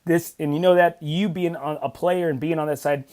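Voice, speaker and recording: A man's voice: fairly high pitch, fairly even intonation, moderate pace, darkish tone. Emphatic middle-aged man hosting a podcast. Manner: emphatic, repeats phrases for stress. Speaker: podcast host and coach. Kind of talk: casual podcast chat.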